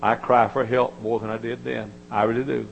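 Older man, sermon, folksy storytelling, gravelly, emotional high-pitched quotes. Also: flat delivery, brisk, highs cut off, slight background noise. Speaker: preacher.

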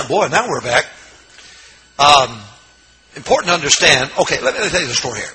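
Preacher guy in a sermon, kinda high voice, gets loud and animated, noisy radio sound. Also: normal speed. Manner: animated, acts out quotes with big swings in pitch and volume. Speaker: pastor. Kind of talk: sermon with storytelling.

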